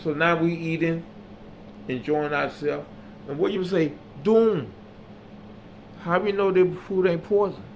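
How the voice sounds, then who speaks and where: Man telling a story, slightly higher voice. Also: a little slow, long pauses. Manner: animated, acts out dialogue, builds to loud emphatic peaks. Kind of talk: personal storytelling monologue. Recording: slightly dull audio with faint background hum.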